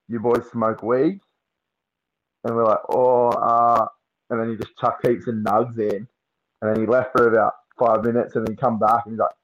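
Low-voiced, slangy Australian man. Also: lo-fi sound. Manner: slangy, swearing storyteller. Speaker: podcast guest. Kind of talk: casual chat.

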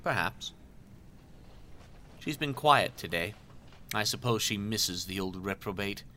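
A man's voice: on the low side, animated, slow, pushed and bright, a little hiss or hum, heavily acted. An actor playing a pompous, self-serving male villain who talks in florid, mannered speech and laughs theatrically in an audio drama. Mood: musing.

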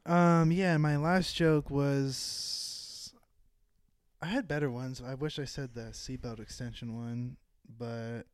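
A man's voice: medium pitch, steady tone, slow pace, clean tone, dry recording. A young adult man, a comedian co-hosting a podcast, chatting casually, swearing and poking fun at himself. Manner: self-deprecating, swears casually, laughs at himself. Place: podcast recording space.

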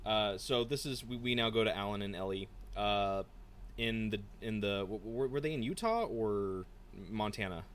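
A man co-hosting a casual book podcast, rambling and animated, slipping into quick impressions of characters. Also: lowish voice, slight background noise. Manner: rambling, animated, mimics characters mid-story. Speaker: podcast co-host.

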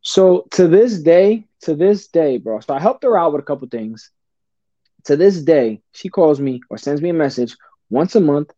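Animated storytelling man, dark lo-fi sound. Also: a little high, moderate pace, no echo. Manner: animated, calls the host brother and bro. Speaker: podcast guest. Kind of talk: casual storytelling. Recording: dull, dry lo-fi sound.

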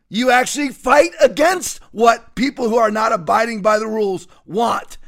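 A male host rants through political commentary in a mocking, sarcastic way. He often breaks into laughter. His voice sits high for a man. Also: a bit bright.

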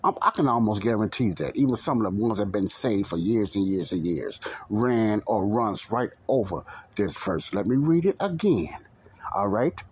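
A man's voice: fairly low pitch, expressive, normal speed, slightly rough. A man hosting a bible teaching podcast, talking emphatically, repeating points and asking the listener rhetorical questions. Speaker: podcast preacher.

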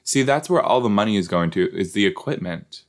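A man's voice: on the low side, expressive, brisk. A man casually commenting while watching a show, rambling and joking, sometimes repeating lines in silly voices. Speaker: podcast host watching a show. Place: at a table indoors.

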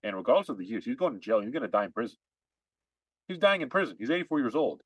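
A man's voice: medium pitch, sing-song, quick pace, slightly rough, dry recording, lo-fi sound. A man co-hosting a podcast, ranting emphatically in heated political chat and repeating his points. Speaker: podcast co-host.

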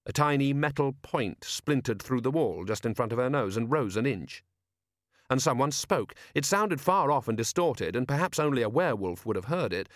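A male narrator reads a novel aloud in a steady, measured way, his pitch sitting in the middle range. The recording is close and dry, with no room sound. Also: dry recording. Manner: even, measured reading. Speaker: audiobook narrator. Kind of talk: scripted narration.

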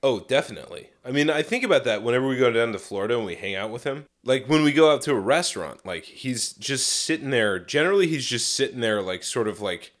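Young man, podcast co-host, casual chat, lively swinging pitch, frequent swearing, acts out quotes. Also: fast, few pauses. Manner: animated, swears often, acts out quoted voices.

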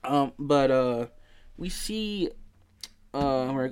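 Male podcast host, sleepy and yawning; slow, smooth delivery; rambling, profane game recap. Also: mid-range voice, lively intonation. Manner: rambling, swearing, many fillers and restarts. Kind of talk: casual video game story recap.

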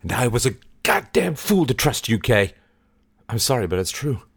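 A man voicing an agitated young gentleman who talks in an anguished, stammering, reproachful way. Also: medium pitch, sing-song, moderate pace, slightly rough, no room sound, clean studio sound, voice pushed down.

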